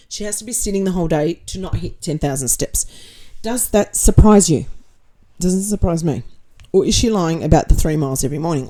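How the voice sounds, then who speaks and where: An Australian woman chats casually as a livestream host, reading out viewer comments and replying bluntly, with sarcasm and the odd swear word. Her voice sits on the low side and has a mellow, warm tone.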